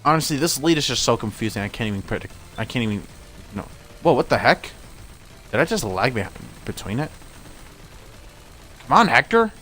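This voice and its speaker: A man's voice: mid-range voice, sing-song, fairly quick, long pauses, pushed and bright, soft background music. A young man giving casual let's-play commentary, rambling and full of "like" fillers. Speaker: gamer.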